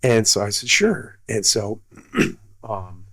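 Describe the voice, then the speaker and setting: A man's voice: on the low side, steady tone, takes it slowly, no room sound. A middle-aged man, a retired army colonel, telling a story casually, rambling with many fillers and restarts.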